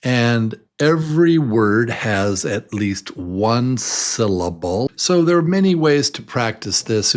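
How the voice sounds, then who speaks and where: A male English teacher guides adult beginners through a lesson. His voice sits a little low, and he speaks at a very slow, deliberate pace. He repeats words patiently, beat by beat. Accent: American.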